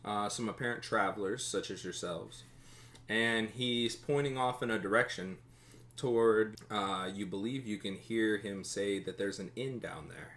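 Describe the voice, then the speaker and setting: Slow, bright-voiced male game master. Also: on the low side. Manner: slow, descriptive narration trailing off quietly. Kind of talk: narrating a tabletop game.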